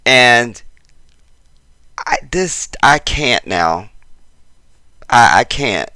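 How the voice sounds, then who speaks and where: Bright-voiced, excitable male commentator. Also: fairly low pitch, unhurried, no room sound. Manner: excitable, repeats himself, gets worked up; talks straight to viewers. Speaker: channel host. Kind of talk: casual commentary.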